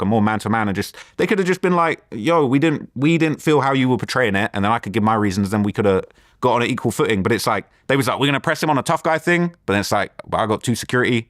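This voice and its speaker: A young man, telling a story as an interview guest, lively and full of quoted dialogue and fillers. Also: fairly low pitch, dry recording, studio quality.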